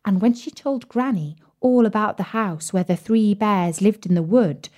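A woman reading a children's fairy tale aloud in a measured, gently expressive way. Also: mid-range voice. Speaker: storyteller. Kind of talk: storybook read-aloud.

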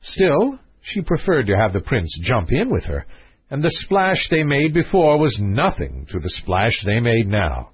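A man narrating a fairy tale in an expressive, lilting storybook manner. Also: medium pitch, a little slow, breathy edge, no room sound. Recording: dull lo-fi dry recording.

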